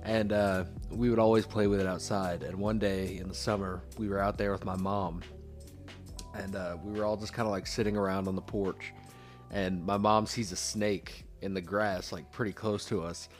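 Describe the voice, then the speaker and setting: A laid-back young man with a low voice tells stories on a casual podcast and jokes with playful shouts. Faint music runs quietly under the conversation. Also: little pitch movement, moderate pace. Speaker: podcast co-host. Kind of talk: casual chat.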